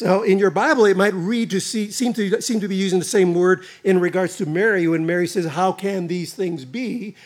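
A man preaching a sermon, speaking emphatically with dramatic pauses and repeated phrases. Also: sits high. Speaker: pastor.

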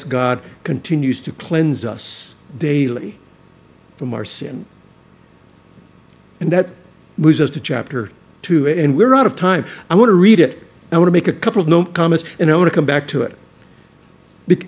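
A man with a voice on the high side preaches as a pastor, earnestly and emphatically. He keeps restarting phrases and now and then slips into a quieter, intense delivery.

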